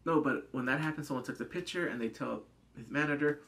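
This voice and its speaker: Quick-paced and creaky, a man's mid-range voice runs through a chatty drama review on his own channel. He's animated, uses many "like" fillers, and acts out scenes with put-on voices.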